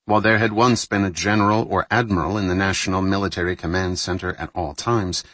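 Male audiobook narrator, very low voice, husky, measured storytelling. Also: fairly even intonation, a bit bright, dry recording. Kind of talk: scripted narration.

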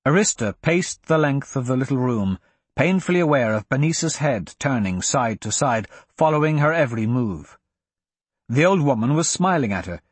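A man narrating a fantasy audiobook in an expressive storytelling manner. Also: medium pitch, moderate pace, husky, no room sound.

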